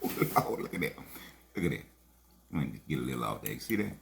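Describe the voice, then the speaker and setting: Folksy male baking host, very low and animated, in an echoey kitchen. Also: brisk, gravelly, slight background noise. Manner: folksy and exclamatory, calls viewers baby and sweetheart. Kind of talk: casual cooking vlog chat. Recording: echoey room, faint music behind.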